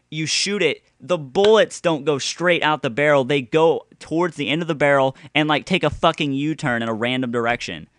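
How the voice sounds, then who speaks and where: A man in a profane, exasperated rant, with sudden loud outbursts. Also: a little high, moderate pace, few pauses, no room sound. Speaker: gaming video ranter.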